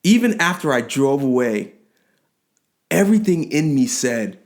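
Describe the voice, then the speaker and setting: A man in his forties co-hosting a podcast, telling a story in casual chat with lively restarts and frequent laughs. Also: medium pitch, a little slow. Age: 40s. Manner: animated storyteller, rambling restarts, laughs often. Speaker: podcast co-host.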